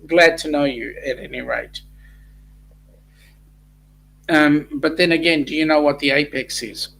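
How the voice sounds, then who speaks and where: A man's voice: on the high side, low-quality recording. Chatty man hosting a live stream. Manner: rambling, with many ums and restarts. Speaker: host of a live chat show. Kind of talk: casual live-stream chat reading viewer comments.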